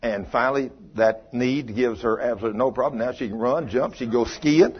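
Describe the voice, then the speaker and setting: Preacher guy telling a story, husky voice, muffled dull recording. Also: mid-range voice, fairly quick. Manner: folksy, swings from hushed to loud and excited. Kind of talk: sermon storytelling.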